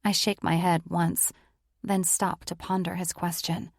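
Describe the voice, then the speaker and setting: A woman's voice: fairly low pitch, little pitch movement, unhurried, vocal fry, no room sound, studio quality. A woman narrating a romance audiobook in the first person, with an intimate, emotive reading.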